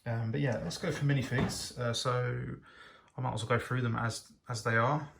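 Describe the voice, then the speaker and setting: A man's voice: mid-range voice, steady tone, normal speed, vocal fry, a bit bright. A man giving a casual, enthusiastic toy set review, talking with frequent hesitations and ums. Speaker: LEGO reviewer.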